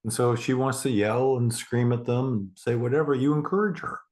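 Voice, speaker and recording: A man with a mid-range voice leads a guided meditation. He speaks slowly and deliberately, leaving long pauses, and his manner is calm and reassuring.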